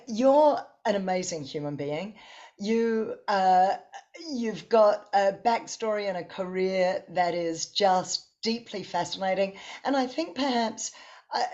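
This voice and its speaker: A woman's voice: lowish voice, a little mellow, dull audio. An enthusiastic woman with an Australian accent, hosting a casual interview podcast. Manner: chatty and enthusiastic. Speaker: podcast host.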